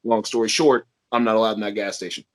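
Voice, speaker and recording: A man's voice: on the low side, little pitch movement, quick pace, no echo. A man hosting a casual podcast, telling crude, rambling stories. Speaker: podcast host.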